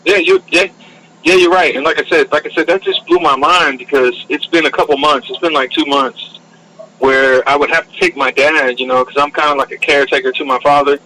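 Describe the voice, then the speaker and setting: A man's voice: fairly high pitch, steady tone, fairly quick, pushed and bright, slight background noise, poor audio. A man in a casual podcast chat, talking in a heated, profane, emphatic way.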